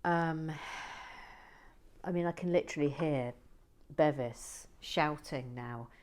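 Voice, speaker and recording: Low, slow, soft-spoken woman. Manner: soft-spoken, dry and teasing, often whispering. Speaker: host. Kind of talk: relaxing building commentary.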